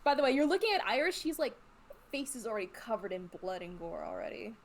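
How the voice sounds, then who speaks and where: A woman's voice: fairly high pitch, sing-song, fast talker. A woman player in a casual tabletop game session, brash, joking and swearing.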